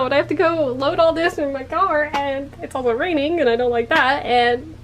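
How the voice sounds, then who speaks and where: Chatty high-voiced young woman vlogging. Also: brisk, hardly any pauses, a little hiss or hum. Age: college age. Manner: rambling, chatty, laughs when embarrassed. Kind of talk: casual vlog.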